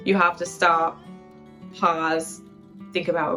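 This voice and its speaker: Low-voiced woman explaining relationship advice. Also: normal speed, a bit bright. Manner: friendly, explanatory, with emphatic rhetorical questions. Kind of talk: conversational teaching to camera. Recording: faint guitar music behind.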